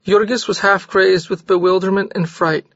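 High-voiced male audiobook narrator. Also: steady tone, normal speed, fairly bright tone, no echo. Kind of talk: scripted novel narration. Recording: slightly dull dry recording.

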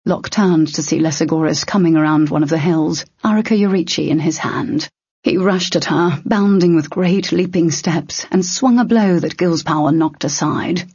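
An audiobook narrator reading a fantasy novel in steady, measured scripted narration. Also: medium pitch, creaky, breathy edge, no echo. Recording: dull, slightly lo-fi dry recording.

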